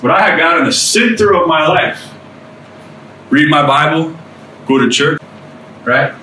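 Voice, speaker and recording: This American man speaks on the high side with lively intonation and a sharp tone, keeping a measured pace as he shares his testimony. He preaches to a small group earnestly and conversationally, with casual asides, from a little away from the mic in an echoing room with a faint ambient hum.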